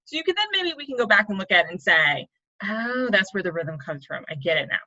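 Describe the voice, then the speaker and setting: A woman's voice: medium pitch, very animated, brisk, sharp tone, highs cut off. A woman coach teaching a chatty, upbeat online writing lesson, explaining step by step.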